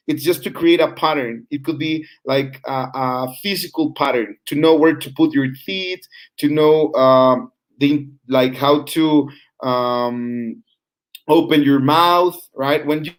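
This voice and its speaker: A man's voice: fairly high pitch, unhurried. Man teaching an online class. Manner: explains with frequent "right?" checks and fillers. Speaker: teacher trainer.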